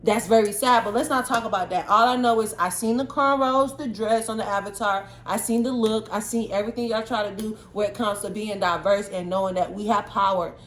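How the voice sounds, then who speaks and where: A woman from Atlanta hosting a casual movie review chat, talking in an animated, chatty way. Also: mid-range voice, fairly quick, few pauses. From Atlanta, Georgia. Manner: animated and chatty, often laughing.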